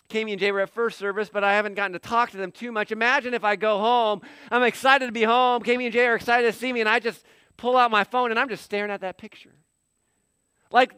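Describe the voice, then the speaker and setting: Middle-aged male pastor, bright and crisp, animated sermon delivery. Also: high-pitched, no room sound. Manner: animated, acts out quoted dialogue.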